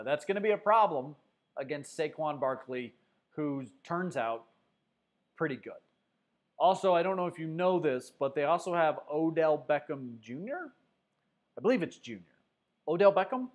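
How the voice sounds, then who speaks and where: A man hosting a casual sports livestream, reading viewer comments aloud and chatting loosely, with plenty of fillers. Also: on the high side. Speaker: sports show host. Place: Denver.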